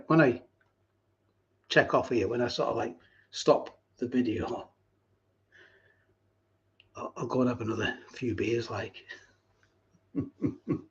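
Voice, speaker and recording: A man hosting a casual live stream, reading viewer comments and thanking them by name, sometimes dropping into low asides. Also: vocal fry, darkish tone, dull audio. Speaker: host of a food channel live stream.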